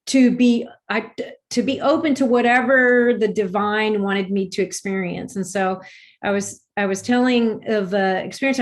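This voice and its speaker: A woman guest in a spiritual conversation, telling personal stories earnestly and rambling with restarts. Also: medium pitch.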